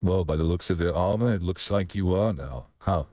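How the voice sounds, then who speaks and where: A man speaking gently and reassuringly in character at a tabletop game. His voice is very deep and husky. The sound is dry and close. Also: moderate pace, dry recording, soft background music. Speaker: player. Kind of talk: in-character tabletop role-play.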